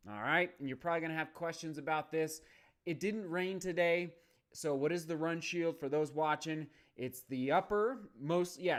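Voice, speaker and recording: A man hosting a live stream about running shoes, reading viewer comments aloud in an upbeat, chatty way. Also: on the high side. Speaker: running channel host.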